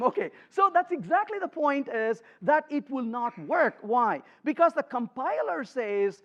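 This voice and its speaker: A man presents a live coding talk to a conference crowd, his pitch rising and falling in animated swings. He is emphatic and quips with the audience. The recording sounds slightly dull and muffled. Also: normal speed, few pauses. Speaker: conference speaker.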